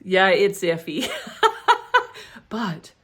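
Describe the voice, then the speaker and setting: A woman's voice: mid-range voice, wildly swooping pitch, extremely slow, fairly bright tone. A middle-aged woman casually reviewing perfumes in a chatty, giggly, gushing way. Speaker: fragrance reviewer.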